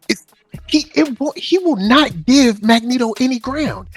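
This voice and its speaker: A man hosting a casual fan chat about a cartoon, animated and joking, acting out characters as he talks. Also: very high-pitched, normal speed, faint music behind. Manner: animated, acts out characters in skits. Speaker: podcast host.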